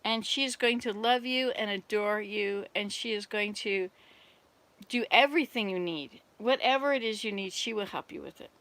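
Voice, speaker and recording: A woman's voice: mid-range voice, normal speed, a bit bright, natural voice. A woman playing God in a joke, promising Adam a perfect companion in a soothing, generous tone. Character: God, a calm generous male creator.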